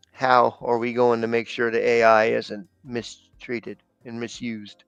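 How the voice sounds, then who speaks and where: A man's voice: medium pitch, fairly bright tone, smooth, no echo, muffled recording. A man co-hosting a casual livestream, talking loosely and rambling with slang and fillers.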